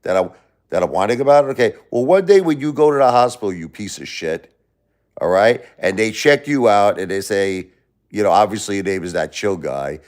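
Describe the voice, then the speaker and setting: A man hosting a live stream, angrily lecturing and insulting a chat commenter with lots of profanity, swinging between loud outbursts and low muttering. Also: animated, fairly quick. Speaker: livestream host reading chat. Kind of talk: livestream rant at a chat commenter.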